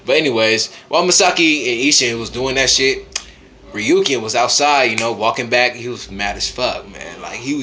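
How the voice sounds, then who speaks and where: A man's voice: medium pitch, pushed and bright. Loose, profane, slang-heavy man reviewing. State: high and tipsy. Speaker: manga reviewer. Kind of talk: casual profane review vlog.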